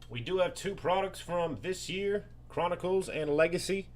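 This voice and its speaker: A man hosting a live sports card break, reading off names and teams in quick bursts and joking with viewers between pulls. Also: sits high. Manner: rapid-fire listing of names and teams, hyped and joking.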